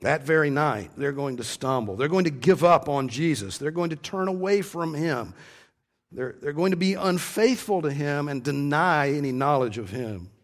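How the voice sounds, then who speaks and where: A male preacher giving an expository sermon, earnest, slowing down to stress key words and often repeating words as he restarts. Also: fairly high pitch, expressive.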